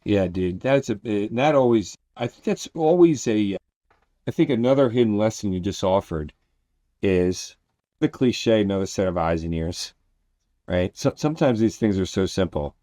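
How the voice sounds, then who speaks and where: Man, podcast host, low voice, dry sound, casual chatty manner. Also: expressive, moderate pace, dark tone, no echo. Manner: loose, chatty, with restarts and filler. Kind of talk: casual interview chat.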